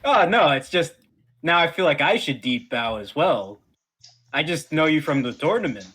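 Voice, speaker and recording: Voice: mid-range voice, very animated, normal speed, a bit bright, husky. A player in a tabletop role-playing game who describes their own actions and speaks in character.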